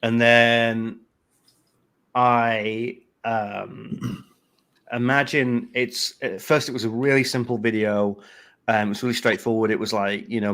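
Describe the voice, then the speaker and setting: A man's voice: lowish voice, a bit bright. A man hosting a casual livestream, rambling through a story and quoting his own thoughts. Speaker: host, fragrance reviewer.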